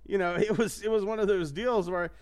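A man's voice: high-pitched, fairly even intonation, a little fast, a little mellow. A man hosting a podcast, talking in a rambling, casual way, laughing often and swearing freely. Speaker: podcast host. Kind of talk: casual chat.

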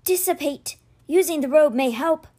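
A woman voicing a weak, injured older woman who speaks in a faint, rasping whisper. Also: a little high, animated, a little slow, darkish tone. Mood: strained.

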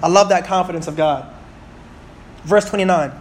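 A high-voiced man in his thirties delivers an animated sermon in a church. He reads scripture aloud slowly and throws questions out to the congregation. A faint hum of the room sits behind him. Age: 30s. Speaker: preacher.

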